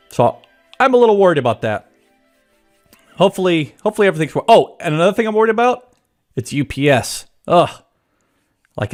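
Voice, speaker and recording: This lively, animated male stream host has a slightly high voice and chats casually from his home office. He's chatty and jokey, greeting viewers in the chat by name.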